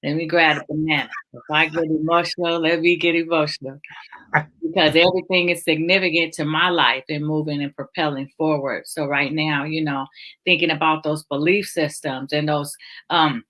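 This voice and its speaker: A woman's voice: low-pitched, flat delivery, normal speed, a bit bright. A woman hosting a casual online talk about faith, emotional and encouraging, speaking over a video call. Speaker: host. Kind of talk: casual chat.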